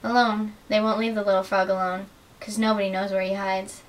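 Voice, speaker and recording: A young adult woman giving an earnest, measured dramatic reading of literary excerpts as a student reader. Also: medium pitch, flat delivery. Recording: distant mic with faint hiss.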